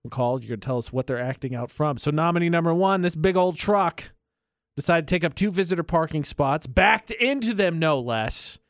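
A man's voice: lively intonation, moderate pace, no room sound. A man with a dry, self-mocking way of talking, co-hosting a casual radio show and reading its promos. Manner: dry, self-mocking, low-key delivery. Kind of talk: casual morning show banter.

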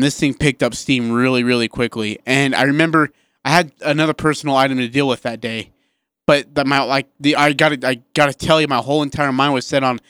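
A man co-hosting a sports radio show, talking excitedly in casual chat with many restarts and asides. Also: medium pitch, clear, resonant tone, no echo, studio quality.

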